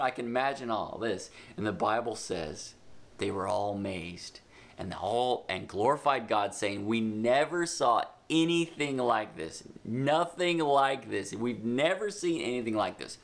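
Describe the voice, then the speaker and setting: With a mid-range voice, a man leads a children's Bible lesson, retelling the story animatedly, dropping in casual asides, and easing his pace when he dictates notes.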